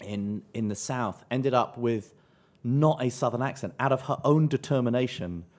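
A middle-aged man with a South East London accent co-hosts a podcast in casual chat. He is brisk and playful, and he reads the fixtures and sponsor plugs in an announcer's cadence. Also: mid-range voice, darkish tone. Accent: South East London English. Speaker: podcast co-host. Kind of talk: casual chat and show segments.

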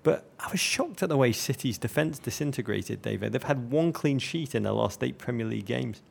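Gravelly, joking football podcast host. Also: male voice, mid-range voice, animated, a little fast. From North West England. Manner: florid, joking, vivid comparisons. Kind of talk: comic football chat.

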